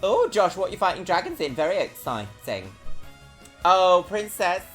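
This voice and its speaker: Low-voiced, lively woman streamer. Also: moderate pace, faint music behind. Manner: chatty and playful, jumping to high squeals. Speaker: game streamer. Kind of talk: casual live-stream chat.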